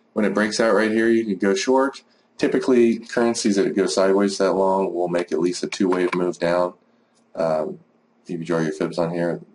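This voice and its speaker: A man's voice: low voice, darkish tone, a little hiss or hum. A man teaching a trading lesson over a screen recording, talking casually and practically with many fillers. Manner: casual, rambling, lots of "uh" and "you know". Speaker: forex trading educator.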